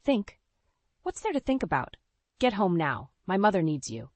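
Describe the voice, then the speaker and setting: A scornful middle-aged husband who sneers and raises his voice in contempt, as a woman reads him out. His anger comes out in a fairly low voice. The sound is dry and close, with no room around it. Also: lively intonation, brisk, no echo. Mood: angry. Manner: sneering, shouting.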